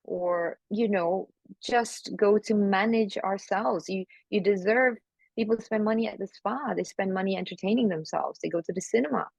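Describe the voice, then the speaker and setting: A woman's voice: medium pitch, normal speed, vocal fry, darkish tone, no room sound. A woman from Malaysia, a guest actress, speaking emphatically and encouragingly in a remote interview. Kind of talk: casual interview talk. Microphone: remote recording.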